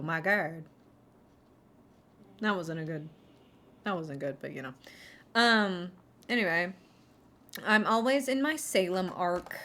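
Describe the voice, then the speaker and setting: A woman's voice: lowish voice, measured pace, pauses often, a bit bright. A woman chatting casually on her livestream in a rambling, sarcastic way, heavy on fillers and restarts. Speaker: streamer.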